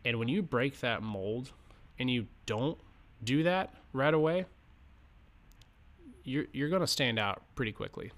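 Male podcast host, mid-pitched, loose and chatty delivery with fillers, role-plays quick client scenarios. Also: lively intonation, a bit bright. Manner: conversational, many fillers and restarts, acts out sample client lines. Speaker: podcast host coaching financial advisors. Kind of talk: casual instructional podcast talk.

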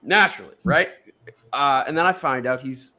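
A man's voice: medium pitch, moderate pace. A man hosting a wrestling podcast in casual chat, rambling and laughing at himself. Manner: rambling, self-mocking, animated. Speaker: podcast host.

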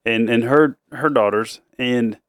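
A man's voice: mid-range voice, a little slow, a bit bright, dry recording, clean studio sound. A middle-aged man, a father and host, chatting casually and jokingly with his daughters, laughing often. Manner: jokey, laughs often, tries silly accents. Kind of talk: casual family chat.

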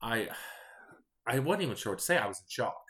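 A man in his thirties, a podcast host, telling candid stories in a casual, rambling, deadpan way. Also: mid-range voice, brisk. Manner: candid, rambling, deadpan about odd customers. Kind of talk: casual storytelling monologue.

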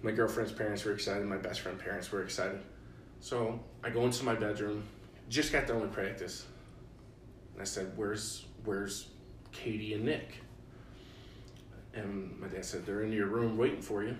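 A young man from Illinois tells a story with a low voice, acting out every line of dialogue and laughing as he goes. He sits a bit back from the mic in a roomy space, with faint ambience behind him. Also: normal speed, long pauses, recorded from a distance, slight background noise. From Illinois, USA. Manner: animated storyteller, acts out quotes, laughs often. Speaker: podcast host. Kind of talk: casual storytelling chat.

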